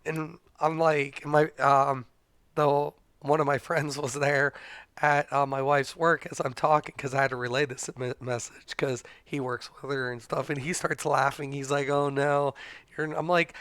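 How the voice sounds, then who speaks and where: A middle-aged man and father, casually telling a story to his stream in a blunt, animated way, swearing freely. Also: fairly high pitch, normal speed, smooth, no room sound.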